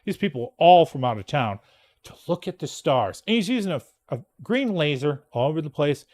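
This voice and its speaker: A man's voice: on the high side, very animated, brisk, a little mellow. A male podcast host telling a story in a casual, rambling monologue, blunt and swearing freely.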